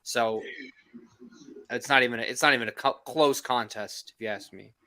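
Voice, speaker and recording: A man co-hosting a live sports call-in stream, talking in a casual, animated way, swearing and laughing often. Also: mid-range voice, normal speed.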